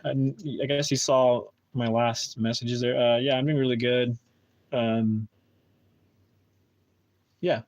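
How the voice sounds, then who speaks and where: A man's voice: medium pitch, fairly even intonation, slow, long pauses, darkish tone, lo-fi sound. A man chatting casually with viewers on a live stream at home, talking hesitantly with many restarts and fillers.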